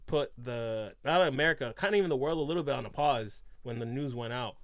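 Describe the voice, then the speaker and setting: A young man from Boston co-hosting a relaxed podcast, with a mid-range voice. He rambles and leans on fillers as he talks. The recording is close and dry. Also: mid-range voice, brisk, no echo. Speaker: podcast co-host. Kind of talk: casual chat.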